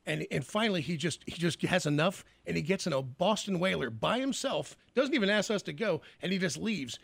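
Gravelly, husky radio host man. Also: sits high, lively intonation, fairly quick, a bit bright, no echo. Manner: storytelling, casual, trails off and restarts. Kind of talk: casual radio interview.

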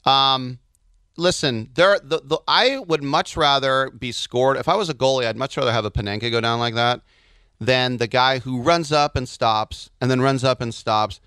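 Bright, crisp-voiced storytelling man. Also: medium pitch, normal speed, no echo, studio quality. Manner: animated storyteller doing silly voices. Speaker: podcast co-host. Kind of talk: casual chat.

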